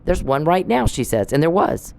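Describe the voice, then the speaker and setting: In a lowish, creaky, darkish voice with a sing-song lilt, a podcast host talks at normal speed. The rough recording carries a little hiss or hum. She delivers an angry personal monologue, bluntly telling a story with profanity and accusing someone she speaks to directly.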